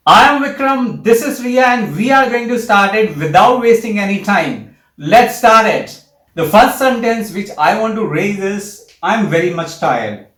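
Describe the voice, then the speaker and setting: A man's voice: sits high, animated, unhurried, a bit bright. Upbeat man teaching English in an echoey room. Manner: upbeat, explains with example sentences. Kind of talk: scripted English lesson dialogue.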